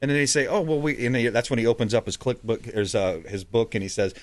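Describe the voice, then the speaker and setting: A man hosting a radio talk show in a casual, animated and indignant way. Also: medium pitch, fast talker.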